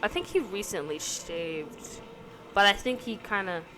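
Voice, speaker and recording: Lively, rambling young woman. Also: mid-range voice, unhurried, background noise. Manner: rambling, hesitant, lots of ums and likes. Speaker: vlogger answering a question tag. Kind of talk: casual chat, reading questions aloud and answering. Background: background music.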